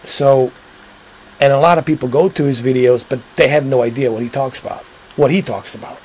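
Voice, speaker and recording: A man's voice: medium pitch, fairly quick, darkish tone, slight background noise, rough recording. Rambling man chatting on a livestream. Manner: rambling, talks to chat viewers, swears casually. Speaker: livestream host. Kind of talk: casual livestream chat.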